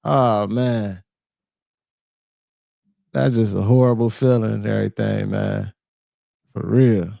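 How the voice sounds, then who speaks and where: Man, live-stream host, laid-back drawl, gravelly low voice, dry close sound. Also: steady tone, takes it slowly, pauses often, dark tone, no room sound. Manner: laid-back, drawling, greets chat by name. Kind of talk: casual live-stream chat.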